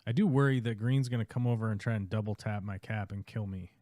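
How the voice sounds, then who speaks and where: A man's voice: lowish voice, flat delivery, fast, mellow, no room sound. A male streamer giving casual, wry commentary while he plays a strategy game live.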